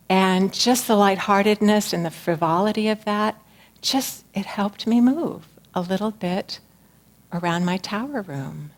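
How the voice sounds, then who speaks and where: A woman shares a personal spiritual talk with her community in a gentle, earnest tone. Her voice sits at an ordinary middle pitch, and she speaks reflectively, at times softening to near a whisper. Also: slow pace.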